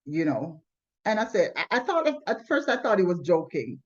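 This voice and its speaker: Her voice is on the low side and husky, with a sing-song lilt at a moderate pace as she tells her personal testimony. She speaks earnestly and plainspoken, frequently starting sentences over, and the recording is lo-fi and a bit dull.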